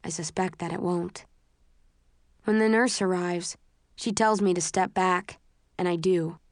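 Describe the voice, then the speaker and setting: Brief: woman narrator, low voice, dry close studio sound, understated and tense. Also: fairly even intonation, a little slow, no echo. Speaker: audiobook narrator. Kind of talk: first-person scripted narration.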